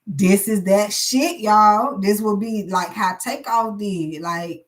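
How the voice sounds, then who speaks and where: A woman's voice: mid-range voice, takes it slowly. A woman, a tarot streamer telling her viewers a long personal story in a profane, emotional, run-on way.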